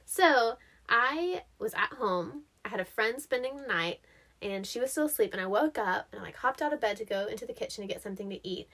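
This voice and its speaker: Here a young woman speaks briskly in a fairly high pitch while co-hosting a casual podcast. Her storytelling is lively, full of laughs and acted-out quotes.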